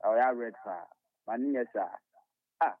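A man's voice: medium pitch, moderate pace, no echo. A Ghanaian man calling a radio show, making his point emphatically and repeating it. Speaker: caller. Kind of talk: call-in radio chat. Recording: tinny phone line on radio.

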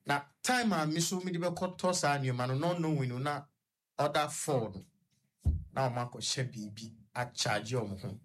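This young guest on a radio discussion has a Ghanaian accent and a mid-range voice. He shares a personal story in a halting manner, stuttering through repeated words.

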